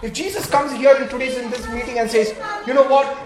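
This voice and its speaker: A woman preaching a sermon, animated and full of rhetorical questions, laughing between phrases. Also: high voice, fast talker, crowd noise. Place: church hall. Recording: echoey room.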